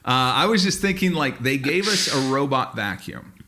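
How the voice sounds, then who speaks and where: Lively, bright-voiced joking man. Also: fairly high pitch, normal speed. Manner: animated, joking, slips into mock voices. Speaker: podcast co-host. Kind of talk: casual comedic chat.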